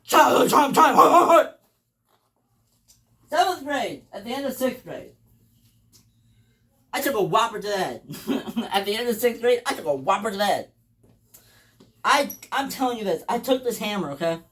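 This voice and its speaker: A speaker telling rambling stories in a casual, profane way, repeating phrases and calling the listener "bro.". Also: medium pitch. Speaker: storyteller. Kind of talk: casual storytelling. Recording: voice a bit distant from mic.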